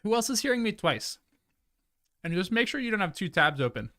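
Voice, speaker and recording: A livestream host with a high voice, wide pitch swings and a slightly quick, sharp delivery chats loosely with his viewers, apologizing here and there. He sometimes talks while chewing food, and the recording is dry, echo-free and studio quality.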